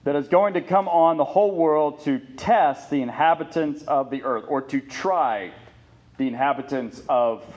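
A man's voice: on the high side, moderate pace, a little mellow. A man preaching a sermon as pastor, earnest and emphatic, building his points with lists and rhetorical questions.

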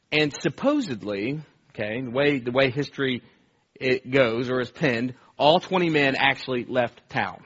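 A man's voice: mid-range voice, unhurried, fairly bright tone, highs cut off. A man preaching a conversational sermon, telling stories earnestly with frequent restarts and repeated words. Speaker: pastor.

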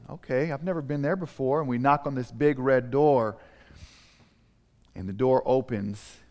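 A man's voice: mid-range voice, a little mellow, big-room sound. Male preacher telling a sermon story.

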